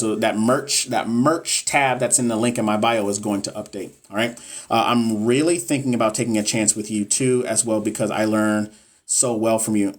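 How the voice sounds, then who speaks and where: A man tutoring nursing exam students on a casual livestream, reading viewer comments and chatting loosely with lots of fillers. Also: mid-range voice. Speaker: NCLEX tutor and course seller. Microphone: phone or webcam on a livestream.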